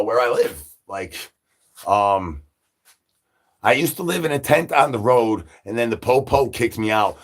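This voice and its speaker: A man rambling through absurd nonsense banter on a comic live stream, breaking into sudden high shouted asides. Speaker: livestreamer.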